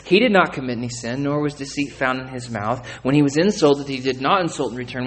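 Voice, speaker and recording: A man preaching a sermon in a conversational way, often asking "okay?" and "right?", repeating and restarting words, and rising in pitch and volume when he gets emphatic. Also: fast, few pauses, a bit bright. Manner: conversational, asks listeners to check in with "okay?" and "right?". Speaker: pastor.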